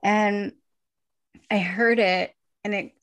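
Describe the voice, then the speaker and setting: A woman's voice: mid-range voice, steady tone, takes it slowly, a bit bright. A young woman hosting a casual talk show, chatting freely, laughing often and acting out quoted lines. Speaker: podcast host. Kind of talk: casual chat.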